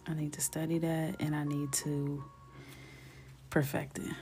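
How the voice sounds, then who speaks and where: A woman chatting casually as she colors on a live stream, talking softly and often half-whispering, easygoing and quick to laugh. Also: sits low, soft background music. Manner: laughs easily, relaxed and unhurried.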